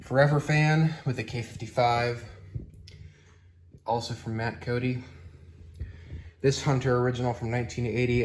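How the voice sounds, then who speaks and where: A man's voice: lowish voice, a little hiss or hum. A man casually walking through his house and garage, listing ceiling fans from his collection as he films, rambling with fillers and a little out of breath. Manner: rambling, cataloguing items aloud with fillers. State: slightly out of breath. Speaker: ceiling fan collector giving a home tour. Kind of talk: casual walkthrough vlog. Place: house, garage and storage rooms.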